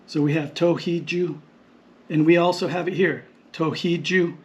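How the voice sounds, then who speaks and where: A man teaching vocabulary in a patient, explanatory lesson, repeating words slowly and deliberately. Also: on the high side, fairly even intonation, darkish tone. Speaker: language teacher. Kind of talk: slow explanatory lesson narration.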